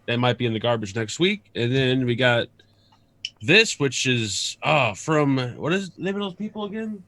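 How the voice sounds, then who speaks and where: A man's voice: medium pitch, big pitch swings, normal speed, bright, forceful tone, no echo. A man co-hosting a casual live stream, rambling and cursing as he searches for words. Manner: rambling, profane, hunts for words. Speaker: show co-host.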